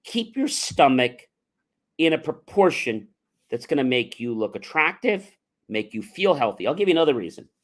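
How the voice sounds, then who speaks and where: A middle-aged man hosting a podcast, giving an earnest, conversational motivational talk with frequent fillers and loud emphatic rises. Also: mid-range voice, sing-song, moderate pace. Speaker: entrepreneur podcast host.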